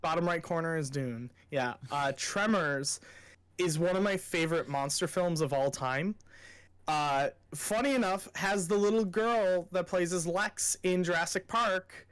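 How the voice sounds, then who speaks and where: A man's voice: sits high, unhurried, fairly bright tone, clean tone. A young man co-hosting a podcast, chatting casually and gushing with enthusiasm, swearing freely. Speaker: podcast co-host. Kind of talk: casual chat.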